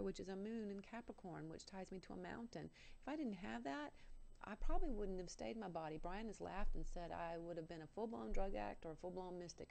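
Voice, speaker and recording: A woman's voice: mid-range voice, vocal fry, darkish tone. A woman guest telling a personal story on a talk show, earnest and candid with self-mocking humor.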